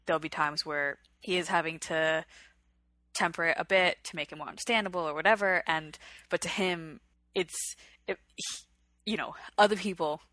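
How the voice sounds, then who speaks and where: A woman's voice: on the low side, fairly even intonation, normal speed, bright, forceful tone, no echo. A woman co-hosting a podcast in casual chat, retelling stories at length in a chatty way. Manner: chatty storyteller, retells what she read at length. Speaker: podcast co-host.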